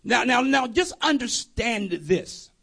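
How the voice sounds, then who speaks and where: A male preacher retelling a story in an animated, conversational sermon, full of jokey asides. His voice sits high and husky, with a gravelly edge, and it swings widely in pitch. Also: slow.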